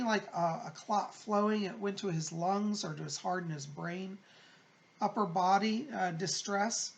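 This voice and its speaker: A man with a gravelly, creaky voice hosts a psychic reading show. He reads letters from viewers and relays messages from spirits. His tone is gentle and consoling, and he talks casually and warmly to listeners. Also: high-pitched. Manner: gentle, consoling, chatty, calls listeners "hon". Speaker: psychic medium.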